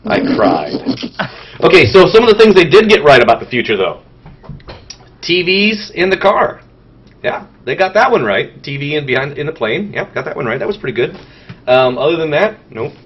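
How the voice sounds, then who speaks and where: A man co-hosting a casual gaming podcast, rambling and animated, swearing often and stalling with fillers. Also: fairly high pitch, a little fast, slightly rough. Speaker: podcast host. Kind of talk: casual chat. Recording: dull lo-fi sound with faint noise.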